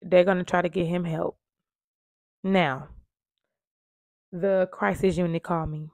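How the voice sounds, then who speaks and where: A woman's voice: lowish voice, fairly even intonation, a little slow, darkish tone, no room sound. A woman earnestly telling her own story of surviving domestic violence, with emphatic repetition. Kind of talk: emotional personal storytelling.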